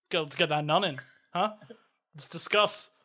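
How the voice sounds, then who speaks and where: An Australian man co-hosting a podcast in casual chat, joking sarcastically and dropping into low mock voices. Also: normal speed, bright, forceful tone. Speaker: podcast co-host.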